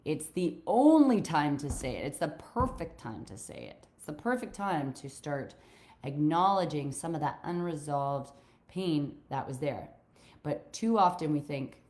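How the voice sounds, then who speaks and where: A woman life coach giving a frank, animated motivational talk, swearing freely. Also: low-pitched, a little slow.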